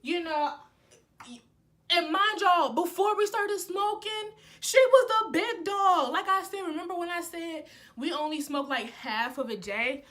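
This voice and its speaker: A young woman vlogger tells a story in an unhurried, casual and slangy way, swinging between loud outbursts and quiet asides.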